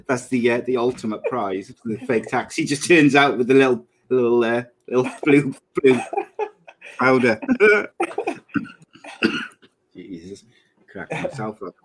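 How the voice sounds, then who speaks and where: A man in his late thirties chatting casually as a podcast co-host. He's full of jokey banter and laughs easily, and his voice sits at an ordinary middle pitch. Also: steady tone, moderate pace. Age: 30s. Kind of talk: casual chat.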